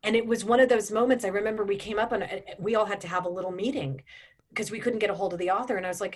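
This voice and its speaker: A woman's voice: mid-range voice, rapid-fire. A woman in her forties, an audiobook narrator and voice actor, talking in a chatty interview with frequent ums and restarts. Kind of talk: casual interview chat.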